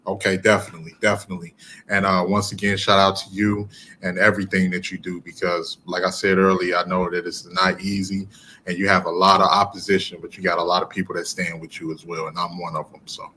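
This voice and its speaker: A man's voice: sits low, little pitch movement, a little fast, sharp tone, a little hiss or hum. A man calling into a podcast, polite and supportive as he thanks the host. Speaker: caller. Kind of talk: casual call-in chat.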